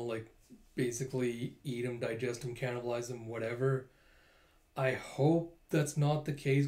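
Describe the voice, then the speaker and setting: Mellow-voiced man, hesitant casual recap. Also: medium pitch. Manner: hesitant, full of fillers. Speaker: host. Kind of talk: casual comic chapter recap.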